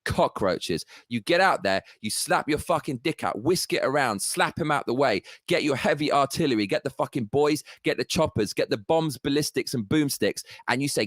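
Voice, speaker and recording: A man in the middle of a furious political rant, swearing freely and dripping with sarcasm. His voice sits at an ordinary middle pitch. The sound is close and dry, with no room echo. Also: lively intonation, normal speed, few pauses. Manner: profane, heated, sarcastic ranting. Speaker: political commentator.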